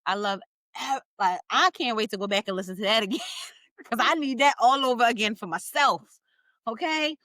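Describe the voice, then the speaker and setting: A woman in her thirties hosting a podcast, talking in an emphatic, encouraging and animated way in a casual heartfelt conversation. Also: on the high side, a little fast, dry recording. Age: 30s. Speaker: podcast host.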